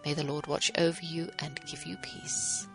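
A woman in her fifties hosting a radio show, reading a passage aloud and giving earnest, gently devotional closing remarks. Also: sits low, level tone, normal speed, creaky, over music, rough recording.

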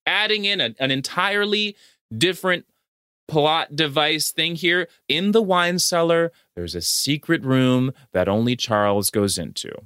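A man's voice: fairly high pitch, unhurried, pushed and bright, clear, resonant tone, dry recording, clean studio sound. A man co-hosting a podcast, recapping an old film in casual chat, swearing and acting out its lines. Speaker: podcast co-host.

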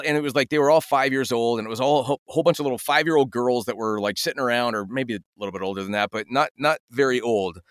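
A man's voice: medium pitch, fast, few pauses, smooth, no room sound, clean studio sound. A man in his forties, a voice actor telling stories animatedly in a casual interview. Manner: animated storytelling, slips into impressions. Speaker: voice actor, guest.

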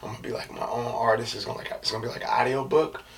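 A man hosting his own podcast, talking in a loose, slangy, rambling way with lots of fillers and a soft, low-key delivery. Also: steady tone, racing. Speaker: podcast host. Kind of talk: casual solo podcast chat. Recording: distant mic with faint background noise.

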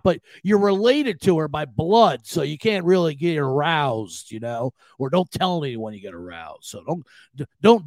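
A man's voice: fairly high pitch, dry recording. A man hosting a sports-betting podcast, ranting casually and swearing freely. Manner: animated, profane, ranting. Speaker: podcast host.

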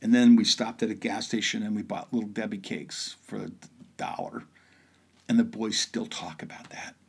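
Midwest guy in his middle years telling stories, raspy and a bit gravelly, does the voices of everyone in them. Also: lowish voice, steady tone, normal speed. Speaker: storyteller. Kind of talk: personal storytelling.

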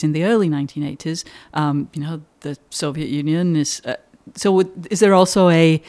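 A woman's voice: deep voice, warm tone. Woman host asking rambling questions. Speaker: podcast host. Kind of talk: podcast interview.

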